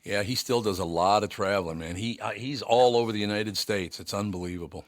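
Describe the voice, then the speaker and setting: A man's voice: lowish voice, a little fast. A man, a sports broadcaster, chatting casually and sharing old anecdotes. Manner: reminiscing, anecdotal.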